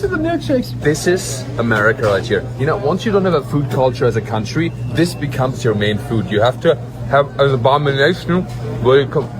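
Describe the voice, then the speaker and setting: A man's voice: medium pitch, animated, a little fast, over music. A man from Germany joking in a casual vlog. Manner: joking, laughing banter.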